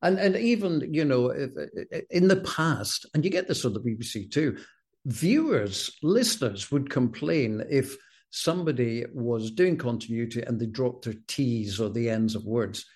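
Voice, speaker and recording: A middle-aged Scottish man, a former broadcast announcer, telling stories with wry self-deprecating humour in a relaxed interview. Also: mid-range voice, a little slow, slightly rough. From Scotland. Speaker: former television continuity announcer, guest.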